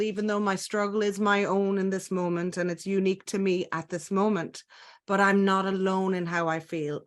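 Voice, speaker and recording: An Irish woman guides listeners through a self-compassion exercise on a webinar. Her delivery is gentle and soothing, with slow, careful pacing. The sound is that of a video call. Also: mid-range voice. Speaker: webinar presenter.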